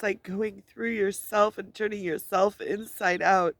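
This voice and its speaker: A woman's voice: medium pitch, steady tone, measured pace, few pauses, no echo. Teary woman vlogging, kind of rambly, keeps restarting, dry close sound. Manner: rambling, repeats and restarts words. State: tearful. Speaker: spiritual vlogger. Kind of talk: emotional personal monologue. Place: outdoors at a scenic spot.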